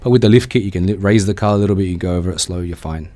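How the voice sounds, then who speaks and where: The speaker is an Australian car rental business owner interviewed on radio in the studio, his low, mellow voice carrying no echo. Chatting casually and quickly, he spins rambling tales and acts out the people he quotes.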